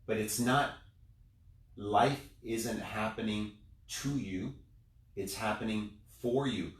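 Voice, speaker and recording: A man's voice: lowish voice, slow. Man telling a story in a roomy space. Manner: animated storyteller, drops quiet for quotes. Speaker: guest, business owner. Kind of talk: storytelling in a casual interview. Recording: roomy sound, distant mic.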